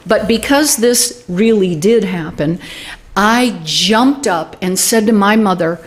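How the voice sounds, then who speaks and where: A woman's voice: mid-range voice, lively intonation, a little slow. A woman in her sixties, a guest in an interview, telling a personal story with animation and acting out the quoted dialogue. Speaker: guest, UFO group director.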